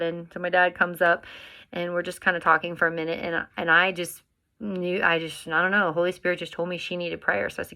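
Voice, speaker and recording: A woman talks casually to her viewers, wandering through her thoughts with lots of fillers and false starts. Her voice sits a little low in pitch but sounds bright and forward, and she comes across as an everyday vlogger. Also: flat delivery, brisk, creaky. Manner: chatty, rambling, with many fillers and restarts. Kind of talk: casual chat to camera.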